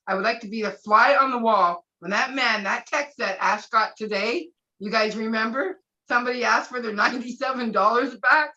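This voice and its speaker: A woman from Canada speaks on a video call, gushing and laughing. Her voice is bright, forceful and fairly high. The call audio sounds muffled. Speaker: participant sharing testimony. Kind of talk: excited online call testimony.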